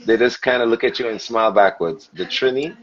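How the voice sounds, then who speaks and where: Low-voiced man telling lively stories. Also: fast. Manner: animated storyteller who mimics accents. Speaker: podcast host and steelpan player. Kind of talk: casual chat on an online live stream. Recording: muffled lo-fi stream audio.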